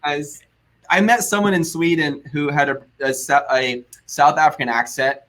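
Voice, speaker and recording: An American man hosting a casual business webinar, upbeat and quick to laugh, answering viewer questions. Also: a little high, steady tone, a bit bright, slight background noise. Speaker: host.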